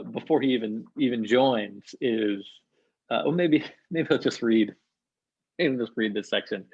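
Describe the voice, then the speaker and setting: A man interviewing an author in a relaxed, chatty way, with a husky voice over a video call. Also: mid-range voice, muffled recording. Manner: relaxed, chatty, with short agreeing replies. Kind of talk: casual conversation.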